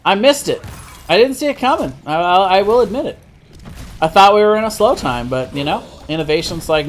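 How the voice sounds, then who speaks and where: A man doing live play-by-play commentary on an esports match, steady with frequent self-corrections. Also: high-pitched, fairly quick. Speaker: esports caster.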